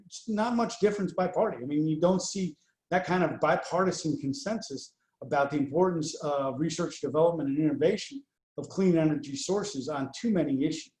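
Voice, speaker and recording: A man presenting poll results over slides in a measured way, with many fillers between the figures. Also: fairly high pitch, warm tone, reverberant. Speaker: pollster presenting survey results.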